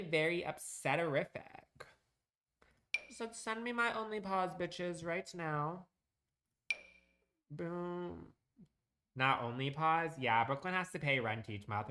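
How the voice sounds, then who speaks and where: A man's voice: mid-range voice, sharp tone. A man casually chatting on a live stream while he plays a building game, teasing and swearing freely at home.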